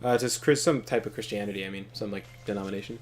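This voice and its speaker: A man's voice: fairly low pitch, fast. A man chatting casually while playing a game, rambling with frequent restarts and laughter. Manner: rambling, lots of fillers and restarts, laughs often. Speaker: let's play host. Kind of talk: casual chat over gameplay.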